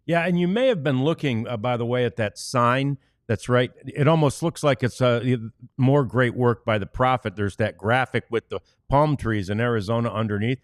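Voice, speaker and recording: A man's voice: mid-range voice, normal speed, dry recording, studio quality. A man from the United States hosting a sports podcast, chatting easily with many fillers and reading ads. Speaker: podcast host. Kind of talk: casual sports podcast chat, ad reads.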